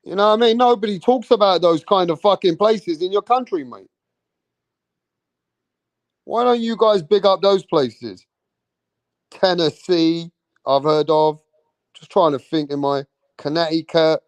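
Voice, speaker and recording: Slow-talking man on a livestream. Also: sits high, no room sound. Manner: loose, rambling, swears freely, slangy. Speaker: livestream host. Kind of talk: casual livestream chat reading viewer comments.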